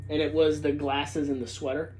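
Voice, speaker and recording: A man co-hosting a pop-culture podcast in casual chat, excitable and swearing, often restarting his sentences. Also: a little high, normal speed, a little hiss or hum. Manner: excitable, swears freely, stumbles over restarts. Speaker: podcast co-host.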